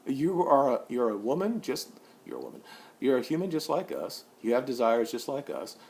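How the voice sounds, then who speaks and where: A man in his forties vlogging an opinion monologue, blunt and profane, rambling with many restarts, and rising loud and high when he gets worked up. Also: big pitch swings, normal speed, creaky. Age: 40s.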